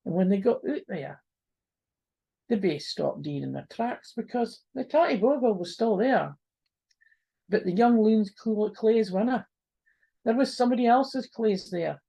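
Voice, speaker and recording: A woman with a North-east Scots accent telling a folk tale in a lively, homely way, mixing in broad Scots words. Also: medium pitch, gravelly. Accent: North-east Scots (Doric). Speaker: storyteller. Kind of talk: oral folk storytelling.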